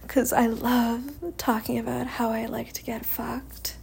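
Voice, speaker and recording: A young woman talking in an intimate adult audio monologue, breathy and sighing, drifting between her voice and a whisper, close to the microphone. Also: fairly high pitch, flat delivery, slow pace, darkish tone.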